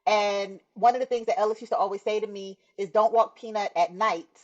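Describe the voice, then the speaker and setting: A woman's voice: medium pitch, steady tone, brisk, dull audio. A middle-aged woman sharing her personal testimony as a guest, in earnest, conversational storytelling that acts out what people said. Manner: earnest, warm storytelling with laughs and acted-out quotes.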